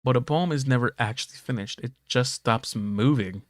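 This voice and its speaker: A man streaming a game, reading its dialogue aloud and breaking off into excitable, profane reactions. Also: mid-range voice, normal speed, no echo, studio quality.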